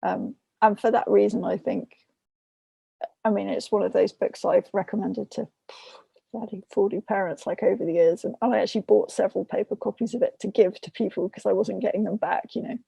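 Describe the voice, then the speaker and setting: Chatty mom guest, husky with some fry, talks in loose stories full of fillers. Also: female voice, medium pitch, fairly even intonation, a little fast, dark tone, no echo. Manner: chatty, retells stories with quoted voices; many fillers and restarts. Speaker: podcast guest, parent and trainer. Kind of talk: casual conversation.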